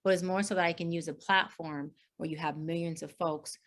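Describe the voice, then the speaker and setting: A middle-aged woman life coach tells her story in an interview. She is earnest and expressive, and she acts out what others said in lively voices. Her voice sits slightly low, and her speech runs with fillers and restarts. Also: fairly quick.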